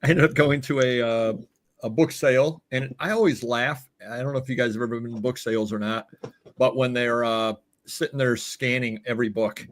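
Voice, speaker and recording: A male host of a live online chat show tells long, meandering stories. He pauses often with filler words, and his voice sits at a plain middle pitch. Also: steady tone. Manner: rambling anecdotes with filler words.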